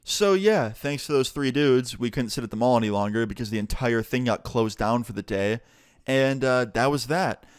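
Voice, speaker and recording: A young man tells a storytime vlog in a casual, animated way and swears freely. His voice is smooth and clear at a mid pitch. It is recorded close and dry, with no room echo. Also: moderate pace. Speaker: vlogger.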